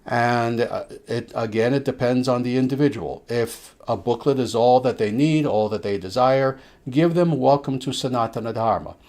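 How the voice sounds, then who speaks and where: Man, spiritual teacher, mid-range voice, slow and emphatic, answering questions with soft fillers. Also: medium pitch.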